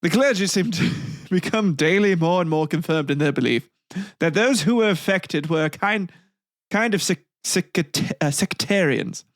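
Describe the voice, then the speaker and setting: A man's voice: high-pitched, expressive, normal speed, no echo, studio quality. A man hosting a comedic history podcast, reading old text aloud and breaking off into rambling, swearing asides with frequent laughter. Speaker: podcast host.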